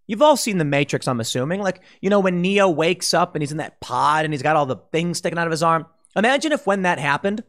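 Animated man delivering emphatic commentary. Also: on the high side, a little fast. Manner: emphatic, sweeping declarations; rambling with restarts and quoted asides. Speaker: political commentary host. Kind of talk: political commentary monologue.

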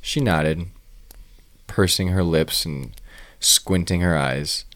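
Man with an extremely deep voice, steady grim first-person story narration. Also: slow.

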